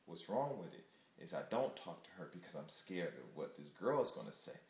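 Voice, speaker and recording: Deep-voiced man rambling in an echoey room. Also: very animated, fairly quick, vocal fry. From United States. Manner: rambling, emphatic, candid. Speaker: vlogger. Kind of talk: casual monologue to camera. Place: Japan.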